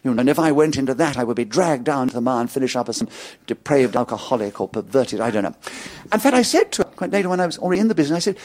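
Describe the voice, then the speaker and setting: An older man with an English upper-class accent and a slight stutter, telling anecdotes in a lively, amused way. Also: medium pitch, very fast. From England. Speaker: interviewee. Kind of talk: anecdotal storytelling.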